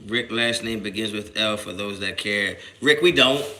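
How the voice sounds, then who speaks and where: A man's voice: lowish voice, normal speed, slight background noise. A man from New Jersey hosting a sports livestream, reading chat aloud and answering in slangy, profane talk that flares up when he is annoyed. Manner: animated, swears a lot, rises to shouting when annoyed; slangy and repetitive, restarts often. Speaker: sports channel host reading live chat.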